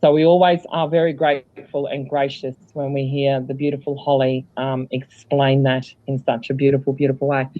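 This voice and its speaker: A man talks as a guest in an easygoing chat, circling his points with fillers and restarts. His voice sits at an ordinary pitch. The recording sounds dull and lo-fi. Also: flat delivery, normal speed, hardly any pauses. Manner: rambling, hesitant with many fillers. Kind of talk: casual chat.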